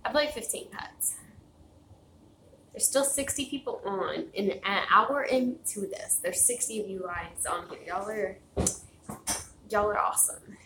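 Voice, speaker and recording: A woman's voice: medium pitch, measured pace, pauses often. A woman chatting casually on a home livestream, rambling and laughing often, growing tired and out of breath. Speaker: livestream host. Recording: echoey room with faint noise.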